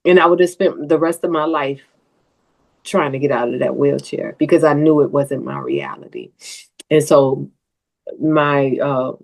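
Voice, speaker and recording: A woman from the Southern US, a podcast guest, tells a personal story earnestly, growing tearful at times. Her voice sits low and is expressive, unhurried, creaky and a little mellow.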